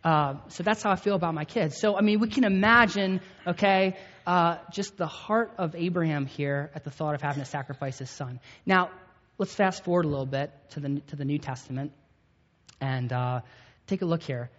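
A pastor in his thirties, his voice fairly high and a bit bright at a normal pace, preaches in a conversational storytelling style and often checks in with his listeners. The sound is echoey and dull, like a lo-fi recording in a hall.

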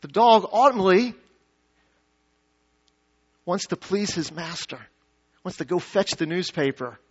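A man preaches a sermon in a church, his voice set high for a man. He throws questions out to the congregation and swings between emphatic peaks and hushed low asides. The recording sounds dull and lo-fi. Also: animated, measured pace, slightly rough. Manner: dynamic preaching, rising to emphatic peaks then dropping low. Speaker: pastor. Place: church sanctuary.

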